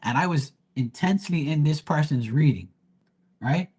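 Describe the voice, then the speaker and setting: A man's voice: on the high side, animated, moderate pace, darkish tone, breathy edge. A man reading tarot live, telling a story in a blunt, heated rant and cursing freely. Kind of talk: ranting livestream monologue.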